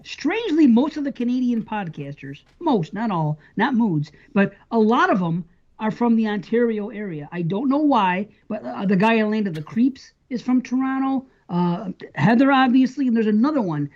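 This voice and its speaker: A man's voice: high voice, expressive, moderate pace, darkish tone, lo-fi sound. An American man hosting a podcast, telling rambling anecdotes in casual chat. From United States. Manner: rambling storyteller, chuckles often. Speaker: podcast host.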